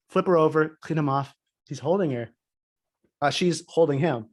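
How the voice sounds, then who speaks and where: A man's voice: on the high side, moderate pace. A man on a podcast, telling a personal story in casual chat, full of "like" fillers. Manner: animated storytelling, many "like" fillers. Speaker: podcast co-host.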